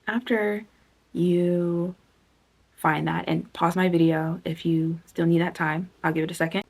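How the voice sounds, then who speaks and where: A woman hosting a self-help video, talking casually as she guides a reflection, chatty and self-interrupting, sometimes dropping to a soft near-whisper. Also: on the low side, little pitch movement, unhurried, husky.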